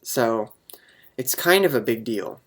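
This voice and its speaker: A young man answering viewer questions to camera, halting and full of ums, earnest and openly emotional. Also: mid-range voice, lively intonation. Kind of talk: casual chat to camera.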